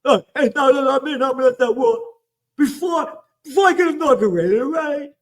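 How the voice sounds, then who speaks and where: A man's voice: extremely high pitch, lively intonation, brisk, pitched above the performer's own voice. A man putting on a mocking voice of a boastful, smug male politician. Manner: taunting, sing-song mockery.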